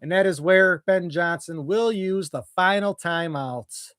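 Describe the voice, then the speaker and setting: A young man giving nervous, excitable fan play-by-play of a football game, his voice jumping during big plays. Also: high-pitched, a little slow, clear, resonant tone, dry recording, clean studio sound. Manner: nervous, excitable, voice jumps when plays unfold. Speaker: fan commentator.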